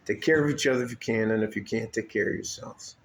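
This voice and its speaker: A vlogger from El Paso in West Texas delivers a casual, rambling monologue packed with swearing, trailing restarts and chuckles in a laid-back, profane manner. His voice is fairly low and fast, with slight background noise.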